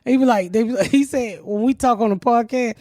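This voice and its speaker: A middle-aged woman hosting a comedy podcast, a loud, profane storyteller who acts out everyone she quotes in casual chat. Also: on the high side, fairly quick, no room sound.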